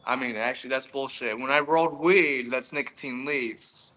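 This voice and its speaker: A man's voice: mid-range voice, moderate pace, bright, forceful tone. A man in a casual chat, giving laid-back, agreeable short replies.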